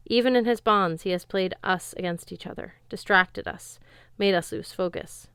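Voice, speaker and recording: A woman voicing a calm, gentle male god speaking formally to his son. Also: mid-range voice, smooth, no room sound, studio quality, natural voice. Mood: solemn. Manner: solemn, measured, formal.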